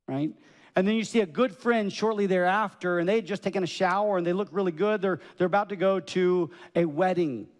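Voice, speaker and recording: A man delivering a sermon with lively storytelling, his voice a bit high and gravelly. His voice carries a long reverb from the church hall around him. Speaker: pastor. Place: church sanctuary.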